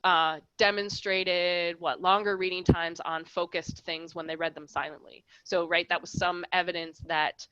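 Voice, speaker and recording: A woman walks through her research in a relaxed, explanatory academic talk, her voice low-set and bright with a crisp edge. The sound is dull and lo-fi, yet very dry, with no room around it. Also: moderate pace, hardly any pauses, no echo. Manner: casual, explanatory, with fillers like "right" and "um". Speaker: guest speaker presenting research.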